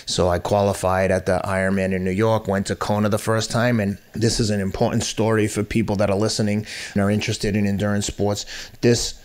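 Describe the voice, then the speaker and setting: A man in his fifties with a fairly low voice talks as a podcast guest. He tells his story bluntly and candidly, mocks himself and swears casually. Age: 50s.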